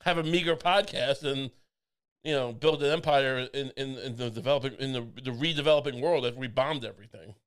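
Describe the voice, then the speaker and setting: A man's voice: medium pitch, brisk, smooth. A man co-hosting a podcast in rambling, joking casual chat, often stammering and restarting. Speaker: podcast co-host.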